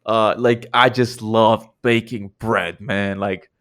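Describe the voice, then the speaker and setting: A man's voice: on the low side, fairly even intonation, a bit bright. Teasing young man, podcast co-host. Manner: teasing, enthusiastic, quick talk. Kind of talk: casual chat.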